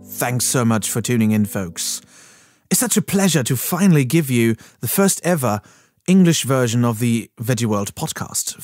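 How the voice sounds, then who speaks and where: A man with a German accent, hosting a podcast and chatting in a lively way with a few fillers. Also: mid-range voice, dry recording. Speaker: podcast host. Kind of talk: podcast intro. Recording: dry with faint music.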